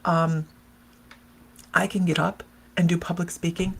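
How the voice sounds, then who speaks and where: A woman's voice: fairly low pitch, little pitch movement, unhurried, vocal fry, breathy edge. A woman psychic medium hosting a casual livestream, chatting and rambling, laughing often and talking straight to viewers by name as she reads their comments.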